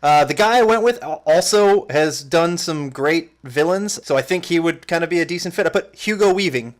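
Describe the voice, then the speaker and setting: A man's voice: a little high, expressive, normal speed. A man co-hosting a podcast in casual chat, rambling with fillers and restarts. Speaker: podcast co-host.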